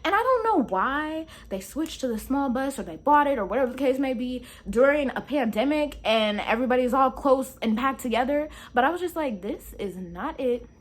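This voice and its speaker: A young adult woman telling a storytime vlog in an animated, slangy, exclamatory way. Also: a little high. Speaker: vlogger.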